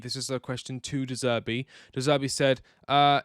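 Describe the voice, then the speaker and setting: A man's voice: mid-range voice, little pitch movement, moderate pace, hardly any pauses, clear, resonant tone, no echo, studio quality. A young man hosting a football channel, giving blunt, sarcastic opinions in a ranting commentary.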